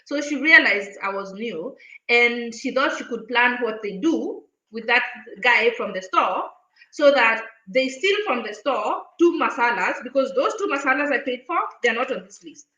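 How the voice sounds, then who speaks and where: A woman vlogger talks straight to camera, retelling a run-in with a lively, indignant energy. Her voice is high and bright. The room around her is echoey. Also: moderate pace, highs cut off. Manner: animated, indignant retelling with acted-out quotes. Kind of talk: casual storytelling to camera.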